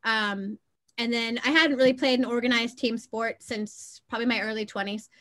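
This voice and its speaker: A fairly high-pitched woman in her thirties, American-accented with a few Belfast turns of phrase. She chats easily in an interview, telling stories and laughing along the way. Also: fairly even intonation, moderate pace, a bit bright. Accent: American with Belfast touches. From Boston, USA. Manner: chatty storyteller, laughs easily. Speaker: interview guest. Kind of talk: casual interview chat.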